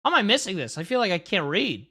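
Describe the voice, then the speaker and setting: A man's voice: high voice, big pitch swings, fast talker, pushed and bright, husky, no room sound, studio quality. A young man streaming live who rambles casually, swears freely and keeps saying "dude" and "bro". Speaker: livestreamer.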